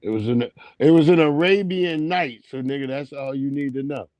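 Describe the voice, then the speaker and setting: A man's voice: medium pitch, normal speed, a little mellow, no room sound. A man hosting a livestream, swearing freely and laughing as he tells stories and greets his chat. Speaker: livestream host.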